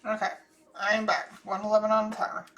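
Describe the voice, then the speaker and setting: Southern woman, mid-pitch, rambling psychic-reading chat, thinks out loud. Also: level tone, quick pace, gravelly. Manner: chatty, thinks aloud, trailing restarts. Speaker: psychic channeler. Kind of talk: casual psychic reading monologue.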